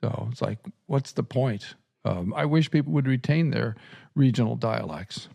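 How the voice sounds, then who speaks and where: A man's voice: medium pitch, normal speed, gravelly, dark tone. A middle-aged man from Nebraska hosting a podcast in casual chat, chuckling often and restarting his sentences. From Nebraska, USA. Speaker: podcast host and seminary professor.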